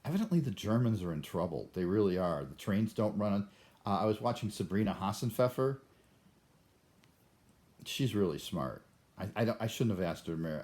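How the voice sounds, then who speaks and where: A man's voice: fairly low pitch, animated, brisk, a little mellow. An older man talking to the camera in a rambling monologue, often stammering and restarting his sentences. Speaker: vlogger.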